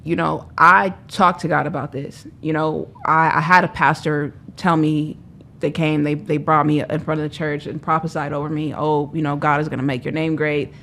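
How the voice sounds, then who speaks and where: A young woman telling her life story as a podcast guest, emphatic and animated, acting out the voices of people she quotes. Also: deep voice, normal speed, gravelly, slight background noise. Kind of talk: candid storytelling.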